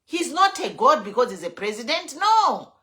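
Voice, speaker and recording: Fiery high-voiced Zambian woman. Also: sing-song, normal speed, pushed and bright. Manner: fiery, switching between English and Bemba, rhetorical questions. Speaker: online show host. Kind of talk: impassioned political commentary.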